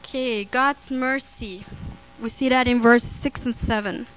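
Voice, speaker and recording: A woman preaching a sermon on scripture, earnest and prone to restarts and soft laughter. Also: on the high side, steady tone, a little slow, slight background noise, rough recording.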